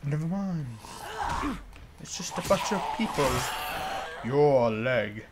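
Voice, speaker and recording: A young man commentating a zombie game as he plays, joking around, humming along and yelling in panic when attacked. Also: high-pitched, measured pace, very noisy. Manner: jokey, shouts and yelps in panic, hums along. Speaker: gamer. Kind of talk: let's play commentary.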